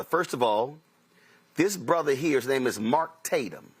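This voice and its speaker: Husky-voiced man telling stories on air. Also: fairly high pitch, lively intonation, unhurried, fairly bright tone. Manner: storytelling, quotes himself and others in dialogue; emphatic, repeats key phrases. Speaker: host. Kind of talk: talk-show commentary monologue with anecdotes.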